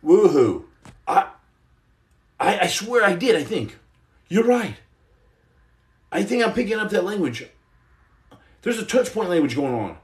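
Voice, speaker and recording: A man from Texas hosts a loose, rambling podcast, drifting between stories and greetings to viewers. His voice sits a little high for a man. The room around him is echoey. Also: expressive, measured pace, pauses often. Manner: rambling, digressive, lots of "you know what I'm saying". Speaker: podcast host. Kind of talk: casual livestream chat, reading viewer comments.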